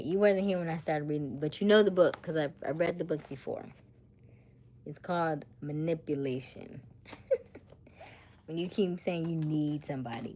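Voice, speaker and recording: A woman's voice: deep voice, warm tone, breathy edge. A woman hosting a casual livestream, chatting and musing aloud and dropping to a near-whisper when she reads comments. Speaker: livestream host.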